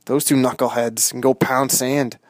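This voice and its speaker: A man's voice: mid-range voice, level tone, normal speed, no room sound, clean studio sound, lightly acted. A man playing an unhinged Bigfoot hunter hiding out in the woods, whispering and ranting with crude swearing. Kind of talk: comedy sketch call-in bit.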